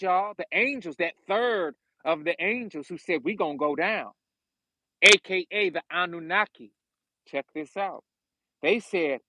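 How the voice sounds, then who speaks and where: A man's voice: high voice, a bit bright, dry recording, rough recording. A man reading scripture aloud and breaking off into casual commentary, speaking straight to his listeners. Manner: drawn-out reading, addresses listeners directly. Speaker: scripture teacher.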